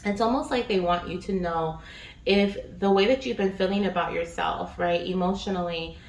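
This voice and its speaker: A woman's voice: on the low side, normal speed. A woman giving a casual spiritual reading, chatty and rambling with many fillers. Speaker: spiritual reader. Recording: echoey room, distant mic, faint noise.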